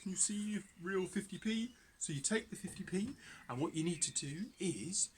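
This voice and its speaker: A man's voice: high-pitched, expressive, normal speed. A man leading cub scouts through activities in a casual instructional video, chatty and self-deprecating. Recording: background noise.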